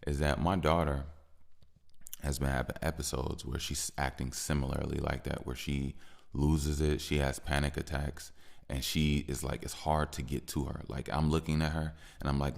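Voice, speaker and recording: A man with a deep voice, hosting a podcast and venting frustrated in a personal monologue, repeating himself and growing heated at times. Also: level tone, moderate pace, vocal fry. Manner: frustrated, repetitive, rising into heated stretches. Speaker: podcast host.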